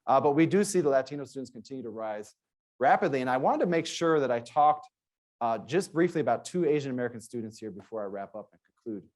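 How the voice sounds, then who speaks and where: A man's voice: medium pitch, lively intonation, fast talker, a little mellow. A man, a sociology professor, giving an earnest conference presentation and telling stories, with frequent restarts.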